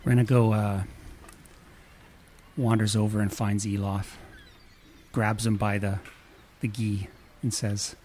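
A man's voice: fairly low pitch, little pitch movement, slow pace, long pauses, a little mellow, slight background noise. A man playing a tabletop game who casually narrates what his character does. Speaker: player. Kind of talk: casual chat.

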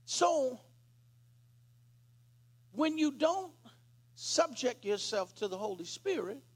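A man preaching a sermon, retelling a scripture story dramatically and clearing his throat now and then. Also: very high-pitched, big pitch swings, slow pace.

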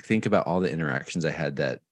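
A man's voice: a bass voice, fast talker, no room sound. A man co-hosting a podcast, chatting candidly and mocking himself about his past. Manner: candid, self-mocking storyteller. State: sober. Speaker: podcast co-host. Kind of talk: casual chat.

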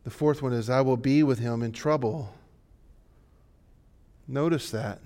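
Preaching without hurry, this male pastor alternates quiet, low stretches with loud exhortations that build and climb.

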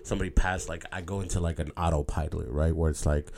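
Low gravelly man, rambling candid talk. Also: steady tone, quick pace, a little mellow, a little hiss or hum. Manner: rambling, repeats words, swears casually. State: emotional. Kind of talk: candid personal monologue.

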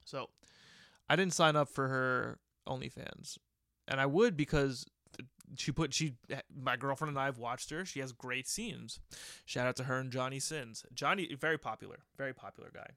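A man's voice: mid-range voice, moderate pace, sharp tone. A young man talks through a casual solo podcast from his bedroom, rambling and crude, and he keeps cracking himself up. His voice sits in a middle register. The sound is dry and close, with no room echo. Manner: rambling, crude and jokey, with bursts of laughter. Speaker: podcast host.

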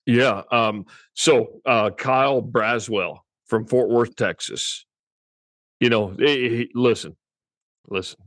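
A man's voice: medium pitch, slow, a bit bright, no room sound. A man co-hosting a cattle-breeding podcast, telling a rambling story in casual chat and chuckling often.

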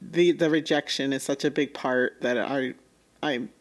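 A woman co-hosting a casual podcast chat about manga, animated, laughing often and acting out quotes. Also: very deep voice, measured pace. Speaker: podcast co-host.

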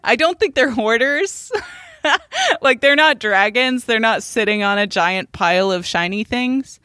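A woman's voice: on the high side, measured pace, sharp tone, dry recording, studio quality. A woman co-hosting a podcast in casual chat, playful and laughing often. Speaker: podcast co-host.

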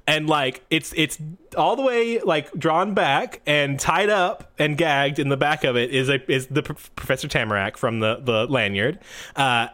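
A man narrating as game master of a tabletop game, lively and filler-heavy, often laughing. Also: a little high.

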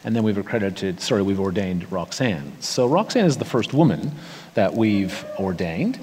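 A man, a pastor hosting an interview, who asks relaxed, wry questions with hesitant fillers. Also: on the low side, normal speed, big-room sound. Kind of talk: conversational interview.

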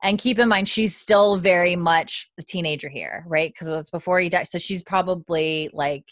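A woman with a fairly low voice recaps a TV episode in casual conversation. She keeps quoting the characters' lines in between plenty of fillers. The sound is dry and close. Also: normal speed, no echo. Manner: retells scenes with quoted lines, many fillers and laughs. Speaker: podcast co-host recapping a TV episode.

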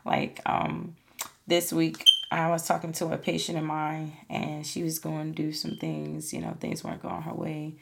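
A woman with a low voice and heavy vocal fry talks straight to her listeners in a relaxed, chatty monologue. She is earnest and encouraging, and keeps dropping "like" and "you know" as she goes. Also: moderate pace. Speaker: podcast host. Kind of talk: casual motivational monologue.

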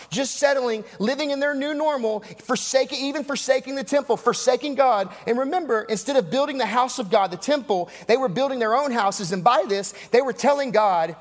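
A man preaching a sermon, emphatic and repetitive, with rhetorical asides and dramatic drops in voice. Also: very high voice. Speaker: pastor. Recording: long hall reverb.

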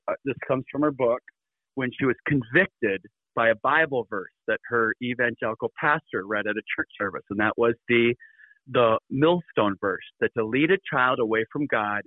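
A middle-aged man, a guest, telling stories in an energetic, upbeat way, his pitch jumping up suddenly. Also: no room sound. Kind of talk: casual storytelling. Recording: dry phone-like call audio.

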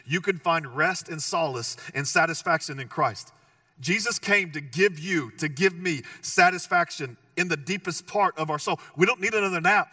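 A man's voice: high voice, pushed and bright, dry recording, clean studio sound, far from the mic. A man preaching a sermon as pastor, conversational and joking, with emphatic repeated phrases.

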